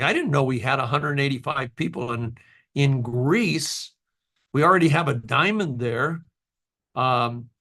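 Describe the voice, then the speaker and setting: A man's voice: medium pitch, a bit bright. A man, the company's founder, giving a casual, earnest motivational talk to distributors, rambling with fillers and restarts and getting emotional at times.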